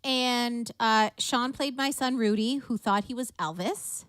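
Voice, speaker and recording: Bright, lively woman host, chatty storyteller, dry close mic. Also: fairly high pitch, a little slow, smooth, no room sound. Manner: animated storyteller, laughs often. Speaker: livestream music show host. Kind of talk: casual chat.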